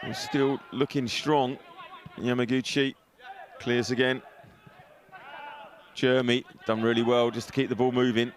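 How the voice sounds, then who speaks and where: Man, live football commentary, jokey and self-mocking, middle-pitched voice, headset mic at an outdoor ground. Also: flat delivery, unhurried, long pauses, some chatter behind. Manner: jokey, chatty, laughs often, self-mocking. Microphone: headset with earpiece.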